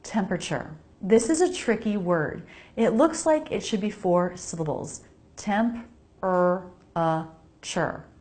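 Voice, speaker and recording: A woman with an American accent teaching pronunciation, modeling each sound slowly and repeating words for the listener to copy. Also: mid-range voice, big pitch swings, warm tone. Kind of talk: slow pronunciation lesson.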